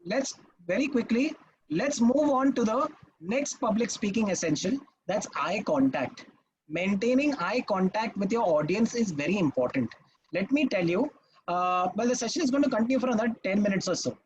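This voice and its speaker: In a live online public speaking masterclass, a man with a high, expressive voice talks at normal speed. The video call sound is lo-fi with a little hiss or hum, and he instructs emphatically, often asking his listeners "Okay?"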